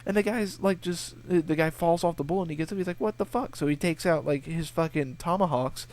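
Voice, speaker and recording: A man's voice: on the high side, brisk, darkish tone. A young man answering viewer questions in a casual vlog. He swears freely and rambles through his stories. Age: young adult. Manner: profane, rambling storyteller who acts out voices. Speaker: gaming video creator.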